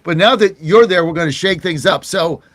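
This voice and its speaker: A man's voice: high-pitched, fairly quick, a bit bright, no echo. An American man hosting a political talk show, chatting casually and indignantly, often laughing.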